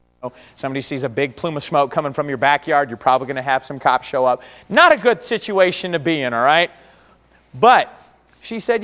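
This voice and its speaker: Earnest preacher in a reverberant hall. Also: male voice, fairly high pitch, brisk, a bit bright. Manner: earnest, rises and falls dramatically. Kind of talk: sermon.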